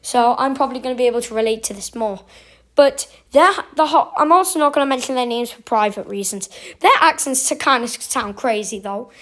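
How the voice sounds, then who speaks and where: A woman's voice: on the high side, fairly quick, a bit bright. A young woman vlogging to camera in a rambling, chatty way, full of fillers and restarts. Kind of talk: casual chat to camera.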